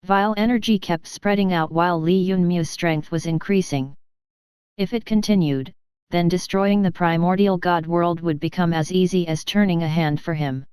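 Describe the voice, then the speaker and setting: Woman narrating an audiobook, crystal clear. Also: lowish voice, moderate pace, darkish tone, no room sound. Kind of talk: scripted narration.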